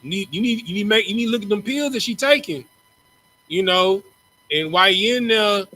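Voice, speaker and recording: A man's voice: sits high, brisk, pushed and bright, poor audio. A man teaching a class in a casual, slangy, joking way, often repeating words as he starts a line. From Texas. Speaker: teacher in a religious group class. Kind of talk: casual preaching lecture.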